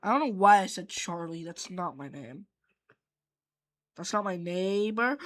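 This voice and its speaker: Slow, rambling woman gamer. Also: on the low side, fairly bright tone. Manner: rambling, goofy, jokes to self. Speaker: Minecraft builder. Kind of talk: casual gameplay commentary.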